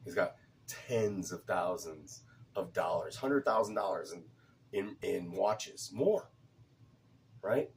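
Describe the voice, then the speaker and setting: A man's voice: low voice, takes it slowly, gravelly, recorded from a distance, slight background noise. A man chatting casually in a vlog, rambling, repeating words and swearing now and then. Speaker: cigar vlogger. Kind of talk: casual chat.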